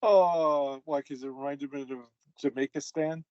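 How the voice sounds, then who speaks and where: A man's voice: a little high, fairly even intonation, unhurried, a little mellow, smooth, dry recording, highs cut off. A man chatting casually on a podcast, mostly giving short replies while his co-host tells a story. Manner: brief listener backchannels. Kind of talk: casual chat.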